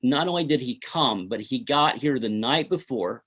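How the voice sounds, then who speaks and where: A middle-aged man being interviewed as a filmmaker recounts his shoot in casual, rambling stories laced with "you know" and "uh." His mid-range voice is animated and fairly bright, at a moderate pace.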